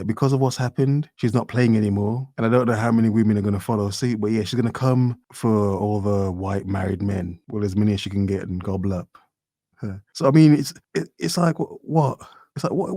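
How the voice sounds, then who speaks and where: Low mellow guy riffing on clips, jokey and rambly, dry close sound. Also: no room sound. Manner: rambling, mocking, keeps insisting he is joking. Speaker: reaction video host. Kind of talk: casual commentary.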